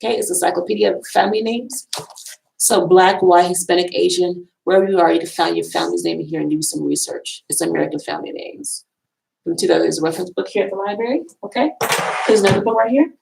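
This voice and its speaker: Gravelly, chatty woman in a library. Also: lowish voice, quick pace, darkish tone, a little hiss or hum, poor audio. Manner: chatty, rambling, repeats herself. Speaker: vlogger. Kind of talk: casual talk showing books. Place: college library.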